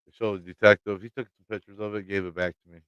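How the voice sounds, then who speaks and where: Midwestern man, livestream host, loose rambling storyteller, smooth clear voice, dry close sound. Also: on the low side, steady tone, fast, fairly bright tone, dry recording, muffled recording. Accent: American Midwestern. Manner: rambling, swears freely, laughs often. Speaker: channel host talking to live chat.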